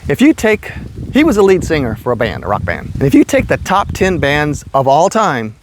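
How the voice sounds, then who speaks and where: A man in his sixties telling casual, rambling stories about his past work, getting animated as he goes. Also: moderate pace, a little hiss or hum. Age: 60s. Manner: animated, rambling, jumps high when quoting himself. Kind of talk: casual storytelling.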